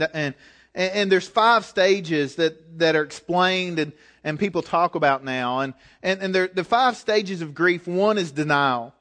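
High-voiced man preaching a conversational sermon. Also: fairly bright tone. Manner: conversational, emphatic exhortation.

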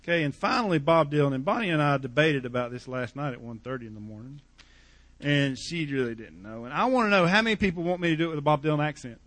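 A man's voice: on the high side, expressive, quick pace, a bit bright, no room sound. A male pastor preaching a sermon in a church in a conversational, joking way.

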